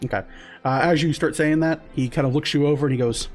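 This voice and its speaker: A man's voice: fairly high pitch, fairly even intonation, fast talker, faint music behind. A man narrating as game master in a loose, casual way with many fillers.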